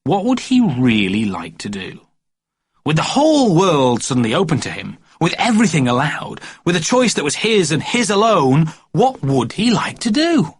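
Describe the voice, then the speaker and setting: Expressive male storyteller. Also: on the high side, moderate pace, breathy edge, no echo. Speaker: audiobook narrator. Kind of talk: storybook narration.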